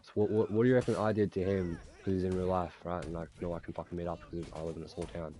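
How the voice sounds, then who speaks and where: A man's voice: low voice, flat delivery, fast, mellow. A young man with an Australian accent, ranting profanely and rambling while he plays a game. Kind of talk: casual rant while gaming.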